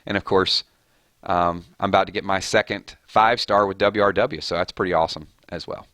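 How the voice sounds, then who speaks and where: A chatty male streamer with a lowish, forceful voice, a touch hoarse after a loud weekend. He talks loosely and relaxed over gameplay, greeting viewers one by one. The sound is dry and close to the mic. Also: a little fast, no room sound. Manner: relaxed, chatty, reads out viewer shout-outs. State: slightly hoarse. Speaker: gaming streamer host. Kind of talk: casual live-stream chat over gameplay.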